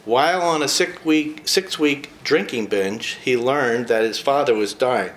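A man's voice: mid-range voice, unhurried, fairly bright tone. A man in a casual talk, reading a short biography aloud and breaking off for chatty personal asides. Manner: chatty, with frequent personal asides between read passages.

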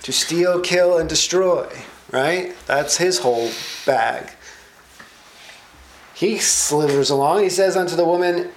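A man's voice: fairly high pitch, slow, slight background noise. A man leading a sermon-style Bible study, emphatic and quizzing his listeners with questions, in an echoey room. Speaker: Bible teacher.

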